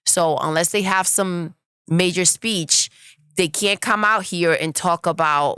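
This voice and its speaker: Low-voiced bright woman podcaster. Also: measured pace, clear, resonant tone, no room sound, clean studio sound. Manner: animated, opinionated, many fillers. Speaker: podcast co-host. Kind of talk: casual gaming news chat.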